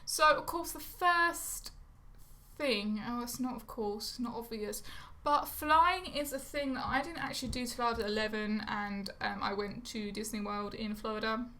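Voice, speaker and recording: A young Englishwoman talking straight into a camera held close, in a bright, forward voice pitched a little high. She rambles, goes off on tangents, mocks herself and swears casually. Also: moderate pace. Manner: chatty, rambling, swears casually, self-mocking. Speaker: vlogger. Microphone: phone or camera close to her face.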